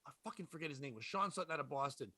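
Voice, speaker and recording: A man telling a comedy club story in casual chat, animated and profane, laughing as he goes. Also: a little high, very fast, no echo. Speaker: podcast host and comedian.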